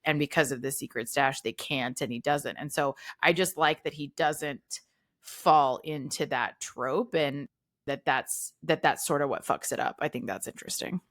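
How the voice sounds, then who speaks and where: Low-voiced bright woman podcast co-host. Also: normal speed. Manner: animated, acts out quotes, swears freely. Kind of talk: casual chat.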